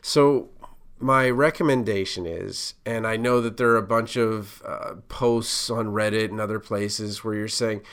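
A man's voice: lowish voice, steady tone, unhurried, fairly bright tone, smooth. A man hosting a podcast, giving casual career advice in a conversational, loosely rambling way full of asides.

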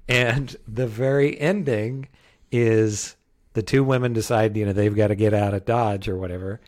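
Low-voiced man rambling about a film. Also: steady tone, normal speed, darkish tone. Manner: rambling, many restarts and hedges. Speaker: podcast co-host. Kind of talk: casual film review chat.

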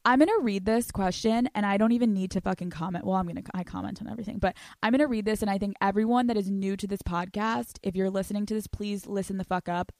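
A woman's voice: mid-range voice, steady tone, quick pace, few pauses, no room sound, studio quality. Brash, profane woman podcast host. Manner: brash, profane and loud, with frequent laughter. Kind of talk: casual podcast monologue, reading listener questions.

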